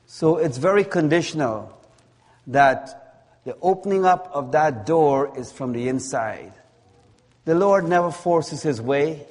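A man preaching a sermon in a slow, deliberate way, leaning on words through repetition. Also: a little high, expressive, a little mellow. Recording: long hall reverb.

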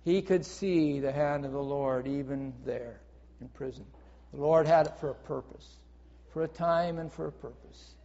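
A man's voice: fairly high pitch, normal speed, mellow, slight background noise. A man preaching a sermon in an earnest way, reading scripture aloud and explaining it, often repeating his phrases. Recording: dull audio with long hall reverb.

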